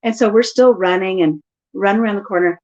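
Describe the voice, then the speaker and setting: A woman's voice: mid-range voice, fairly quick. Chatty middle-aged woman, dull lo-fi sound. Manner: chatty, animated storytelling. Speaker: vlogger. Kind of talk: casual live chat storytelling. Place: at home.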